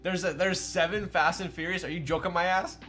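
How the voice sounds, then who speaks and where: A man's voice: high voice, fairly even intonation, a little fast, sharp tone. A young man streaming live, chatting casually and joking at his own expense while building a keyboard and answering his chat. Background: faint music.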